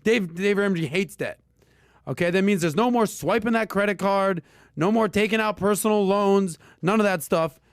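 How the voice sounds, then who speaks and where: A man's voice: high-pitched, normal speed, smooth, no echo, clean studio sound. Emphatic male finance podcast host. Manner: emphatic, punchy delivery with lively asides. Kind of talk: casual finance podcast chat.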